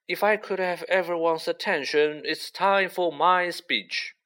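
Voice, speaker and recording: A man voicing a pompous ghost gentleman giving a formal speech, slow and stately. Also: sits high, fairly even intonation, voice pushed up.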